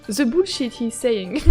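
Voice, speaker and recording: A young woman streaming a game, chatting casually and giggling between lines. Her voice is high and very animated, and she rambles excitably. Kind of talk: casual let's-play commentary.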